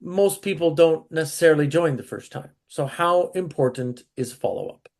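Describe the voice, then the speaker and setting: A man's voice: on the high side, animated, normal speed, vocal fry. A man hosting an interview, asking guiding questions about closing sales. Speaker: host.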